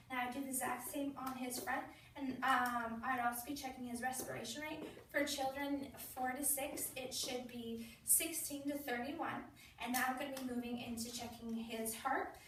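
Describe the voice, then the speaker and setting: A young woman student nurse walks through a child's exam step by step, switching to a playful sing-song voice for the patient. Her voice sits high, and she is recorded from across a strongly echoing practice room with faint background hum. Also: a little fast, fairly bright tone. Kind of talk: demonstrating a clinical assessment. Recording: very echoey room, voice from a distance.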